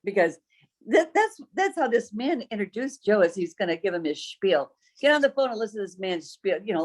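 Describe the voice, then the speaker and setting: A woman casually telling a story about her business. She laughs often and acts out the voices of the people she quotes. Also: mid-range voice.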